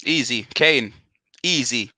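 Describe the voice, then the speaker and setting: A man's voice: medium pitch, takes it slowly, sharp tone, dry recording. A man, boasting emphatically in slang-heavy football banter as a fan pundit.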